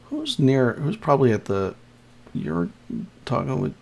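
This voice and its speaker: A man in the middle of his range runs a tabletop game as game master. He describes scenes in a loose, halting way, restarting phrases as he goes. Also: mid-range voice, wildly swooping pitch, vocal fry, mellow, slightly rough.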